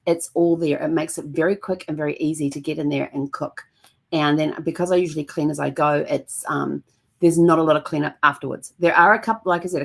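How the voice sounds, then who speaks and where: A woman hosting her own vlog, telling home stories in a casual, chatty way, laughing often and acting out bits of dialogue. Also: sits low. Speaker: vlog host. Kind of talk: casual personal storytelling.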